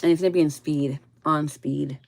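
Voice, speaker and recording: A woman giving a casual spiritual reading to her viewers, blunt and full of swearing, often trailing off soft and low. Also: fairly even intonation, normal speed, vocal fry. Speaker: tarot reader.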